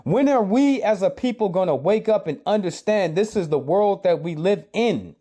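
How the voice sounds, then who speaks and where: A man's voice: sits high, lively intonation, normal speed, mellow. A man from the United States giving urgent, preachy commentary on a video clip, repeating his points to his listeners. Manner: urgent, lecturing, repeats himself.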